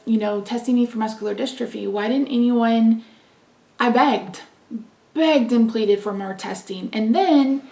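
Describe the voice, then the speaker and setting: A woman's voice: fairly high pitch, gravelly. A woman, a beauty vlogger chatting to camera in a candid, rambling way. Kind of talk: casual chat to camera. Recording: echoey room, mic at a distance.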